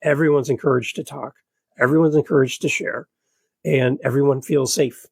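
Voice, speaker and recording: A middle-aged man, a podcast guest, telling a personal story in an animated, earnest, motivational way. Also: medium pitch, normal speed, gravelly, slightly rough, no room sound. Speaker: podcast guest and show host. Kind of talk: conversational storytelling.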